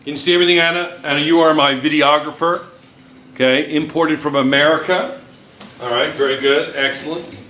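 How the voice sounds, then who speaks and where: This chemistry teacher at the board has a fairly high voice, steady but pushed and bright, and talks briskly. He repeats points and checks in with students a lot. He's recorded from a distance by an in-room camera, in an echoey classroom with faint room noise.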